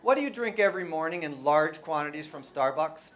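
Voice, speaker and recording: Lively American professor, slightly high voice. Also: male voice, brisk. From New Jersey. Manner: lively, joking, full of rhetorical questions to the audience; spells out and sounds out example words. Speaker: linguistics professor. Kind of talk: academic lecture to a live audience.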